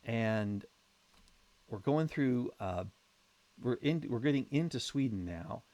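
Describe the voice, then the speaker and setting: Slow, wry man narrating strategy gameplay. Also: medium pitch, animated, darkish tone, dry recording. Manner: thinking aloud, wry and chatty; self-mocking humour. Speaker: let's play host. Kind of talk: strategy game commentary.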